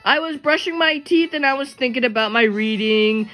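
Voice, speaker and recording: A man voicing a frightened little boy in a storybook reading, stammering anxiously, with a bright and smooth voice. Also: extremely high pitch, normal speed, soft background music, pitched above the performer's own voice. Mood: earnest.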